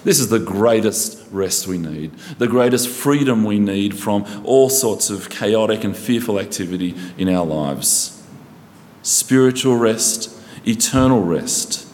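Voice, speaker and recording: A man's voice: fairly low pitch, lively intonation, measured pace, darkish tone. A man preaching a sermon as pastor, earnestly asking his congregation rhetorical questions. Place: church. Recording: long church reverb.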